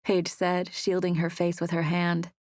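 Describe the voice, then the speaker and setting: A woman narrating a first-person romance audiobook in a soft, intimate storytelling manner on a close studio mic. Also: lowish voice, completely flat delivery, measured pace, no room sound.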